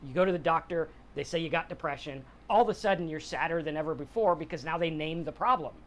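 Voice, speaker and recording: On his podcast, a middle-aged man with a slightly high voice talks fast about sobriety and mental health. The tone is casual, plain, and motivational, and he acts out quotes in different voices.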